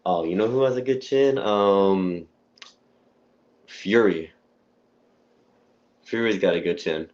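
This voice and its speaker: A young man with a very low, deep voice talks over a dull, muffled phone line. He speaks in a laid-back way and often repeats his words while he gathers his thoughts. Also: slow, pauses often, a little mellow. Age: young adult. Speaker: boxer, interview guest. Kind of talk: casual call-in interview. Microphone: phone on a call. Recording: dull phone-call audio.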